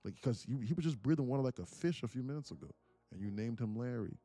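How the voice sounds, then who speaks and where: A man hosting a live day-trading stream, telling stories in a casual, animated way and muttering about the charts. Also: medium pitch, quick pace, no room sound. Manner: animated storytelling, acts out quotes, laughs often. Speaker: livestream day trader. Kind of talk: casual livestream chat.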